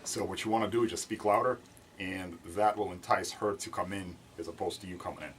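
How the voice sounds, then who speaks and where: A man attending a seminar, answering a question eagerly with some halting starts. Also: deep voice, steady tone, fairly bright tone, slight background noise, poor audio. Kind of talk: answering in class.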